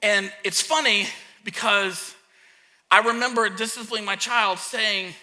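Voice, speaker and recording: A man who is a pastor and a parent, preaching a sermon and acting out a childhood story with lively energy. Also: high voice, unhurried. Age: young adult to middle-aged, a parent. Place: church hall. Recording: long hall reverb.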